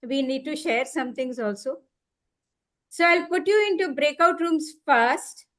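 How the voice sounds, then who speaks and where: A woman with a high voice runs an online training session, explaining each step patiently. She repeats key words and slows down to spell out her examples. The sound comes through a computer mic on a video call. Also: a bit bright. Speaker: trainer leading an online workshop. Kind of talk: live online workshop instruction.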